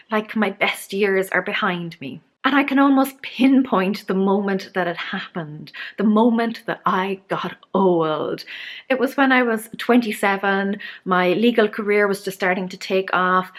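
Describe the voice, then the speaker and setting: Woman in her 30s vlogging to camera, candid and self-deprecating, mid-pitched voice. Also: a bit bright. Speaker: lifestyle vlogger. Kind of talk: confessional talking-to-camera vlog.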